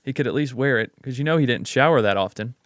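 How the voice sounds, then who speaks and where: Brief: easygoing male podcast co-host, mid-pitched, chatty, close dry studio sound. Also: quick pace, fairly bright tone, no room sound. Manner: laid-back, chatty, laughs easily. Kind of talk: casual chat and ad read.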